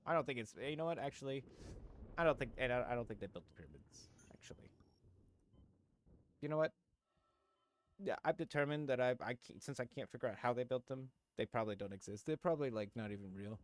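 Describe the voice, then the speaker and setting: Male streamer, mid-pitched, rambling and jokey, swears casually, faint room hum. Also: fast talker, pauses often. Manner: talks to chat, many fillers and restarts. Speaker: livestreamer. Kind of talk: casual live-stream chat.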